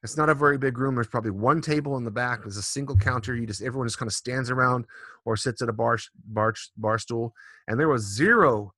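Guy in his 40s co-hosting a drinking podcast, bright voice, swears a lot, super dry close mic. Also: medium pitch, fast talker, no echo. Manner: loose and profane, rambling storyteller. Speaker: podcast co-host. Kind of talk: casual drinking-podcast chat.

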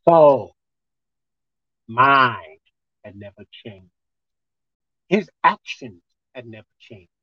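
A woman preacher delivering a folksy, emphatic sermon, swinging between shouting and hushed tones. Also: rumbling low, expressive, drawn-out words, pauses often, husky, no echo, lo-fi sound. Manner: folksy, colloquial.

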